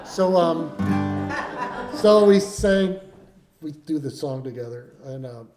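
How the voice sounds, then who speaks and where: A man with a slightly high voice tells a meandering, self-deprecating story between songs at a live folk concert. He chuckles often and loses his thread now and then. His voice carries through a roomy hall, with faint instruments in the background. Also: animated, takes it slowly, music in the background. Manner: rambling, self-deprecating anecdote with frequent chuckles. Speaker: folk musician telling a story on stage. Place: concert stage before a live audience.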